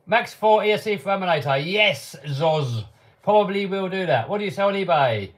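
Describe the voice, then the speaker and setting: A man's voice: fairly high pitch, sing-song, fairly quick. A man hosting a casual live-stream Q&A from his home workshop, reading out viewer questions and answering offhand with the odd chuckle. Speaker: channel host answering live chat.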